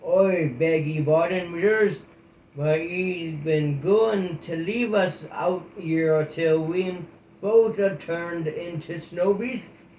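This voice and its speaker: Here is a gruff old storybook mole with a rustic way of talking, his voice pitched a little high and spoken slowly, as a man puts him on. The recording sounds roomy and dull. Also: darkish tone, slight background noise. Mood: pleading. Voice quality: rustic dialect speech.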